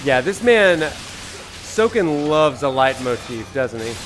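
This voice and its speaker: Animated Southern man chatting on stream. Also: mid-range voice, slow. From Alabama, USA. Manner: enthusiastic, greets chat viewers warmly. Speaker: streamer and professor. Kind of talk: live gameplay stream chat. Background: faint game music.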